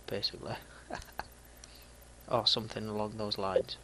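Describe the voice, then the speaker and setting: A Yorkshire man in his thirties talks straight to his viewers as a gaming vlogger, dry and a little mocking. His voice has a gravelly fry to it and a bright, forceful edge, with some faint noise underneath. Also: fairly low pitch, flat delivery, a little slow, long pauses, poor audio. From Yorkshire, England. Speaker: gaming YouTuber. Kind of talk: casual video commentary.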